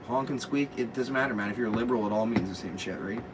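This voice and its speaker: A man's voice: medium pitch, fast, music in the background. A man hosting a rowdy vlog from a motorhome, crude and joking with lots of swearing. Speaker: vlog host. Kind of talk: rowdy casual chat. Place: inside a motorhome. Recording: distant mic, noisy motorhome.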